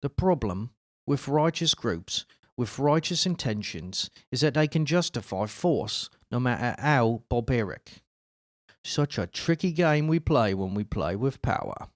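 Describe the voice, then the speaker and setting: A man's voice: medium pitch, animated, measured pace, no room sound, natural voice. A hammy, swearing voice in an exaggerated Australian accent, dragging words out for laughs, as a man puts it on for a comic book review. The sound is dry and close, with no room around it. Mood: mock-serious.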